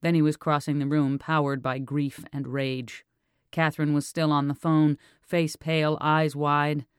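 A man reading an audiobook, narrating with steady tension. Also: a little high, unhurried, smooth, no room sound, studio quality.

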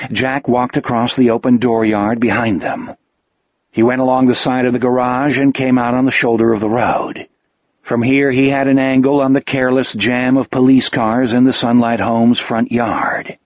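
A man reading a novel aloud as narrator, in a measured, steady storytelling manner. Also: medium pitch, dry recording. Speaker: audiobook narrator. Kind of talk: scripted narration. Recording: dull, dry lo-fi audio.

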